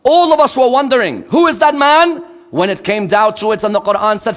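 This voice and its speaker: Male lecturer, high voice, rhetorical questions, swings from loud to hushed, acts out quotes. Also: expressive, brisk. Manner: dramatic shifts between loud and hushed. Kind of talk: religious lecture.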